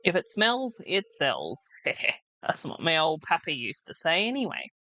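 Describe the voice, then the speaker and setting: A friendly old fisherman with homespun sayings and a lively, bobbing delivery, as a woman reads him. He stays easygoing and unhurried, like a video game character chatting by the docks. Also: deep voice, no room sound, full character voice. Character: gruff old male fisherman, friendly and folksy.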